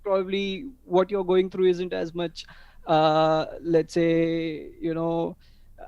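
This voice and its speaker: A man's voice: on the high side, monotone, slow pace, darkish tone, clean tone, no echo, highs cut off. A man answering interview questions as a guest, hesitant and full of fillers. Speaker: guest, former seminar attendee.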